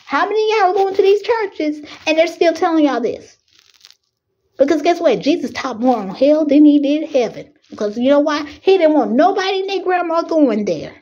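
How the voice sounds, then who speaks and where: A young woman preaches a fiery sermon in a bright, high voice. She grows emotional and pleads with herself not to cry, her passion climbing as she goes. The recording is dull and lo-fi, like a home setup. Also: lively intonation, moderate pace. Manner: emotional, fighting tears, preaching with rising fervor. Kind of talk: impassioned preaching.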